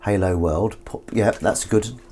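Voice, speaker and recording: A man's voice: lowish voice, a little slow, dark tone, a little hiss or hum. A man streaming live while washing up at home, chatting casually and rambling as he reads viewer comments aloud and swears now and then. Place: home kitchen, washing up at the sink.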